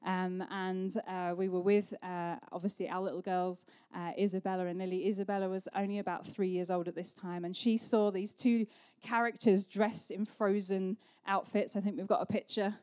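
A woman's voice: medium pitch, little pitch movement, normal speed, hardly any pauses, darkish tone, smooth. A woman, a pastor telling a family story in a chatty sermon with frequent ums.

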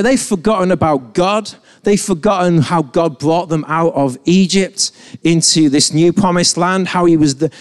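English pastor guy, forties, high voice, rambly chatty sermon, lots of uhs and restarts. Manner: chatty and self-deprecating, with frequent fillers and restarts.

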